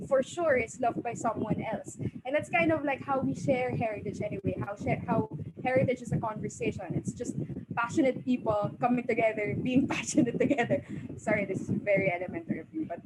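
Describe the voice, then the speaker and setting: A bubbly woman with a Filipino accent, chatting as a panelist and laughing at herself often. Her voice sits a little high. A loud background hiss runs under her video call audio.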